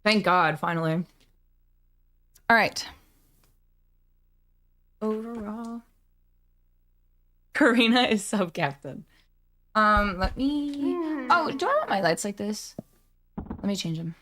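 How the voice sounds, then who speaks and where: A woman chatting casually on a live stream, her voice sitting at an ordinary middle pitch. She is excitable and chatty, and she swears freely as she reacts and talks to her viewers. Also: slow pace, long pauses, slight background noise.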